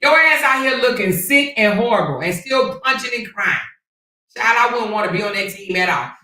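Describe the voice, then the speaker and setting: A sassy woman hosts a livestream in casual, blunt talk full of swearing. Her voice is bright and a little high. She sits back from the mic in an echoey room. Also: expressive, normal speed, distant mic. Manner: sassy, blunt, swears freely, calls listeners honey and child. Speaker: livestream host.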